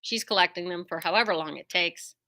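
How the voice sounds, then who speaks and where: With a voice on the low side and a fairly quick pace, a middle-aged quilt shop owner hosts, talking casually to viewers. She's chatty and self-deprecating, prone to tangents and lively asides.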